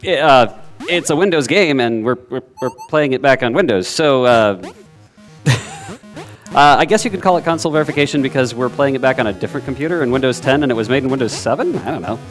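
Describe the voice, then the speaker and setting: Dude setting up a speedrun live, kinda rambly and chill, faint music in the back. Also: male voice, mid-range voice, lively intonation, fast. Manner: loose and rambling, lots of "uh" and "um", laughs it off. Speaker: speedrun presenter. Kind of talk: casual live commentary.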